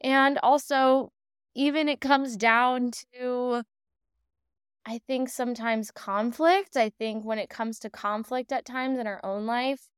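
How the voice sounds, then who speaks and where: A woman's voice: on the high side, steady tone, takes it slowly, clean tone. A woman in her late twenties hosting a solo podcast, talking in a bubbly, effusive way and gushing with wonder. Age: 20s. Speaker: podcast host. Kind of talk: casual solo podcast monologue.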